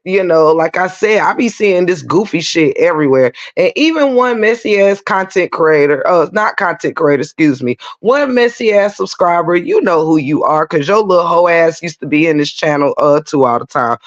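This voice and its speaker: A woman's voice: fairly low pitch, highs cut off. Blunt, profane woman ranting on a stream. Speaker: livestream host. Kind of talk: casual live-stream rant.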